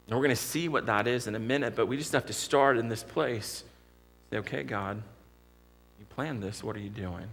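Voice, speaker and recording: Bright-voiced American male pastor preaching. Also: medium pitch. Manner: earnest, vivid storytelling with many restarts. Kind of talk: sermon.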